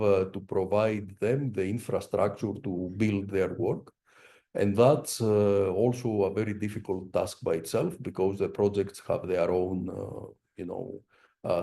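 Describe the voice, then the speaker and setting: A middle-aged man giving an academic presentation as a visiting professor, speaking haltingly with frequent "uh" fillers. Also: deep voice, fairly even intonation, creaky, warm tone.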